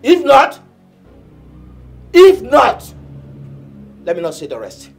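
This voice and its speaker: An actor playing a stern middle-aged father in a film drama, scolding his daughter in a husky voice and pressing her with demands. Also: extremely high pitch, huge pitch swings, slow pace, soft background music, exaggerated voice.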